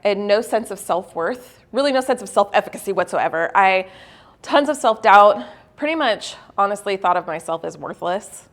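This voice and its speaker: A woman giving a motivational keynote at a university event. She tells a story against herself with lively, self-mocking humor and laughs often, then slows into a low, earnest tone for the lesson. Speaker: keynote speaker.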